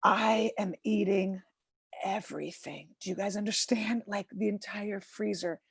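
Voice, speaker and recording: A woman in her forties doing a stand-up comedy set over a video call from home, self-mocking and animated, acting out voices and shouting punchlines. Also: mid-range voice, a little slow, creaky, breathy edge, no room sound, clean studio sound.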